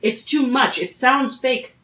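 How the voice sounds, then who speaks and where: A man's voice: extremely high pitch, slow pace, bright, forceful tone. A man co-hosting a casual podcast, reacting to the stories with wry quips. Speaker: podcast co-host. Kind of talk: casual chat. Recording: echoey room, muffled lo-fi sound.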